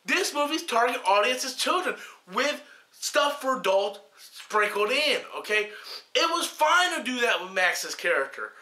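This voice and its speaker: Heated male reviewer, high piercing voice, swears constantly, echoey room. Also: sharp tone. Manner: heated, emphatic, swears a lot. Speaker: film reviewer. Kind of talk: profane ranting film review.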